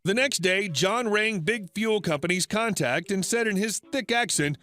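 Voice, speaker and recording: Male storyteller, high-pitched, scripted narration over faint music. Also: moderate pace, bright, forceful tone.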